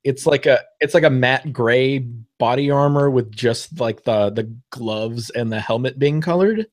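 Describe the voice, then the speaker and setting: A man's voice: medium pitch, unhurried. A man co-hosting a casual podcast, talking through comics and films in a thoughtful, hesitant way with many fillers, over a remote call. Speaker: podcast co-host. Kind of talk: casual chat about comics and film.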